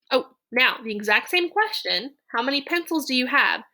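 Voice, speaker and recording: Bright, high-voiced woman teaching French. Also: expressive. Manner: dictates French phrases slowly, then explains them in English; chatty, playful teacher talk. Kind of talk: recorded classroom lesson.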